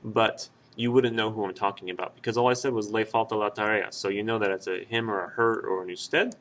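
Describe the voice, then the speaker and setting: A man's voice: on the low side, brisk, a bit bright, muffled recording, slight background noise. A man teaching a Spanish grammar lesson over a screen recording, explaining patiently with fillers and self-corrections.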